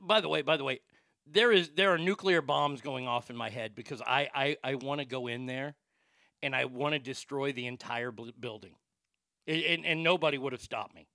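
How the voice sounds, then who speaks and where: A man's voice: medium pitch, normal speed, sharp tone, no room sound, studio quality. A man telling a crude, rambling, mocking story in a casual rant. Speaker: storyteller and prank caller.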